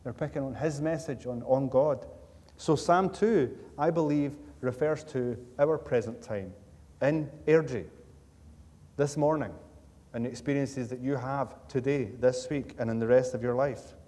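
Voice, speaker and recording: A man's voice: mid-range voice, a little slow, warm tone. A man preaching a sermon in a conversational, joking storytelling manner, with emphatic repetition. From Scotland. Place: church sanctuary. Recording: church hall with long reverb.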